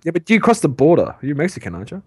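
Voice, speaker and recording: A man's voice: fairly high pitch, huge pitch swings, rapid-fire, slightly rough, dry recording, clean studio sound. A young Australian man co-hosting a casual podcast, teasing with crude jokes and often stumbling into his lines. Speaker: podcast co-host.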